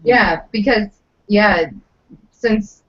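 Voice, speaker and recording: A woman's voice: mid-range voice, very slow, husky. A woman co-hosting a casual podcast, throwing in sarcastic quips. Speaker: podcast co-host. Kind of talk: casual chat. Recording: dull lo-fi podcast audio.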